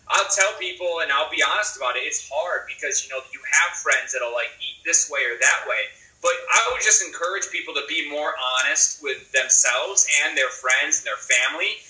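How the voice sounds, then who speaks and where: Brief: male guest, very bright tone, earnest rambler, roomy distant recording. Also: fairly high pitch. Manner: earnest, rambling, many fillers. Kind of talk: casual interview talk.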